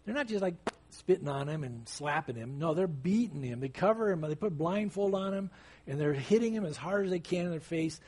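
A man's voice: fairly high pitch, animated, fairly quick, a little mellow, husky. A male pastor preaching an expository sermon, conversational and emphatic, with sudden surges of intensity.

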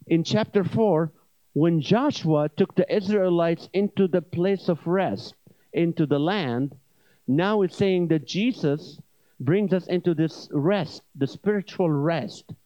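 Male preacher mixing stand-up stories with scripture, slightly higher voice, dull and dry recording. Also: no room sound. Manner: joking storyteller, then earnest teaching with restarts. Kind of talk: comedic sermon.

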